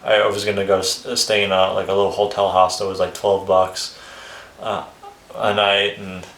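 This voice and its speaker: A vlogger with a fairly low, slightly bright voice tells his life story in a rambling, conversational way at normal speed, with a completely flat delivery. He swears freely and chuckles between phrases. The room is echoey.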